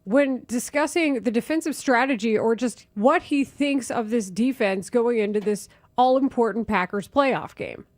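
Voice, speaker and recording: A woman hosting a sports talk radio show, brisk and opinionated, quick to laugh. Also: fairly high pitch, no room sound, clean studio sound.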